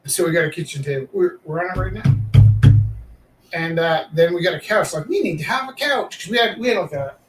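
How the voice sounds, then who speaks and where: A man's voice: fairly high pitch, a little fast, loud music behind the voice. A man chatting casually while he draws, rambling with many fillers. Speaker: live-streaming artist. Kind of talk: casual chat while drawing. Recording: echoey room, mic far off, faint noise.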